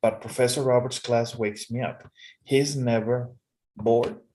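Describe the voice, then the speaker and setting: A man's voice: mid-range voice, measured pace. Patient male English tutor. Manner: patient, relaxed teaching with frequent "okay". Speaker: online English teacher. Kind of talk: casual one-on-one lesson.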